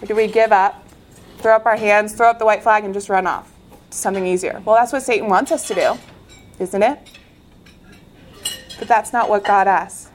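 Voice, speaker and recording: A woman who is a former Olympic swimmer gives an inspirational faith talk, telling her story in an earnest, animated way. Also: medium pitch, normal speed, pauses often, a little hiss or hum.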